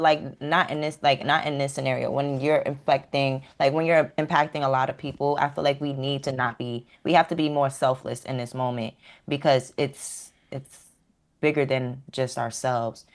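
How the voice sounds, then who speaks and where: A woman's voice: sits low, steady tone, moderate pace. A woman on a podcast panel speaking in a hesitant way, thinking aloud with many fillers. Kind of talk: casual debate.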